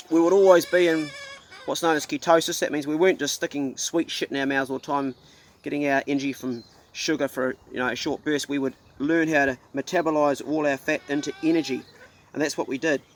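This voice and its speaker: A man's voice: a little high, a bit bright. A middle-aged man with a New Zealand accent, a hunting vlogger ranting casually to camera in a blunt, profane, folksy way.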